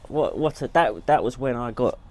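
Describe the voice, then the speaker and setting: A tired man co-hosting a casual football chat show after a late night, speaking in relaxed, laid-back banter. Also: medium pitch, normal speed. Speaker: podcast co-host.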